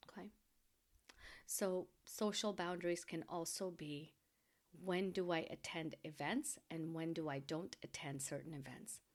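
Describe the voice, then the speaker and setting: A middle-aged woman hosts a podcast, offering gentle advice in a soft, slow, reassuring voice that often drops to a whisper. Her voice sits low and keeps a steady tone.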